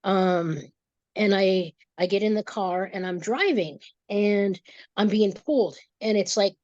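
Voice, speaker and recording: A woman's voice: mid-range voice, a little mellow, no room sound, highs cut off. Emotional woman telling a personal story. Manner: emotional, halting, with many restarts. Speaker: guest, energy reader.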